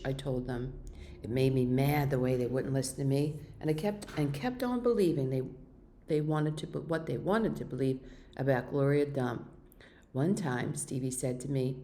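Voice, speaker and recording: A woman reading a children's novel aloud, with steady, expressive storytelling. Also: very deep voice, moderate pace. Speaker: reader.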